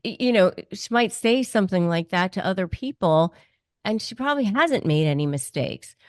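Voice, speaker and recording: A woman host giving advice in an interview, emphatic and steady, repeating her key points for weight. Her voice sits in a middle range and comes across dry and close, with no room sound. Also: medium pitch, moderate pace, no echo.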